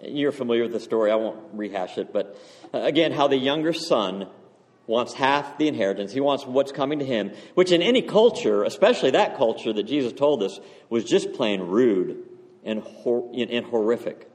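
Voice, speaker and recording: A man's voice: mid-range voice, expressive, normal speed, darkish tone. A man preaching a sermon, telling a story with passion and building to fervent exhortation. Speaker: pastor. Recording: long hall reverb.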